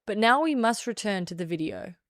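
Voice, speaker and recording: A woman's voice: mid-range voice, animated, fairly quick, fairly bright tone, no echo, studio quality. A young woman streaming, chatting casually in a playful, self-mocking way. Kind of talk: casual live-stream chat.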